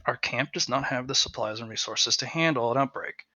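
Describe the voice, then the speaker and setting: A man voicing a grim, wary veteran monster hunter who speaks low, quiet and threatening. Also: fairly quick, no echo.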